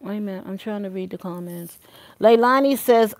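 A woman's voice: medium pitch, fairly quick, a little hiss or hum. A young woman and mother chatting casually to her viewers at home, often calling them "y'all". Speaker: vlogger and mother. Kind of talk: casual chat to camera. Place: home kitchen.

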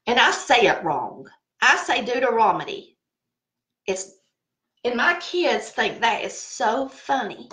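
A woman's voice: a little high, very animated, takes it slowly, sharp tone. Middle-aged southern lady just chatting, voice goes way up and down, kinda echoey room. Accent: Southern American. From Southern United States. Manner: chatty, storytelling, laughs at herself. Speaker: cooking channel host. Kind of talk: casual chat.

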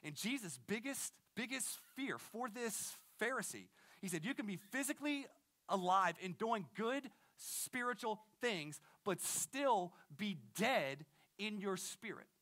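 A male pastor delivers a lively sermon in a high, bright voice. He talks casually and with energy, using slang and restarting sentences as he goes. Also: a little slow.

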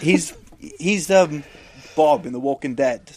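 A man's voice: fairly high pitch, slow pace, darkish tone. A man co-hosting a podcast, casually recapping a film with restarts and laughs. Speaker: podcast co-host. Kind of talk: casual movie-recap chat.

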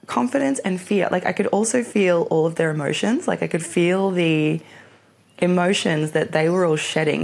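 A woman hosting a solo podcast, speaking in a low, gravelly register with plenty of fry. She tells stories casually and chattily, with lots of fillers. She acts out her own reactions as she goes. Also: darkish tone. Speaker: podcast host.

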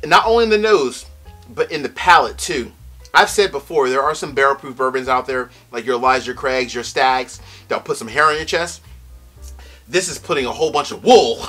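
Man, whiskey reviewer, casual tasting talk, excitable, teary-eyed, bright forceful voice. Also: medium pitch, normal speed, husky, faint music behind. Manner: excitable, loud exclamations. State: teary-eyed from strong spirit.

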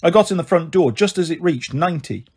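A man reading a children's novel aloud in steady first-person narration. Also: a little high, fast talker, breathy edge. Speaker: reader. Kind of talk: storybook reading.

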